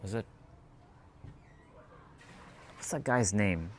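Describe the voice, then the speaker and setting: A man with a lowish voice chats loosely and reads viewer comments aloud, filling his talk with "like" and "you know". He laughs easily as he goes. Faint outdoor ambience with birdsong sits behind him. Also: normal speed, slight background noise. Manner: rambling, filler-heavy, laughs easily. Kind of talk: casual chat, reading viewer comments.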